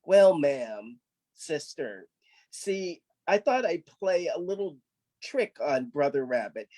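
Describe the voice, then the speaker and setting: A man's voice: on the high side, very animated, takes it slowly, warm tone, full character voice. A man voicing a sly male fox prankster who talks in a folksy drawl, hemming and hawing. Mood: sheepish.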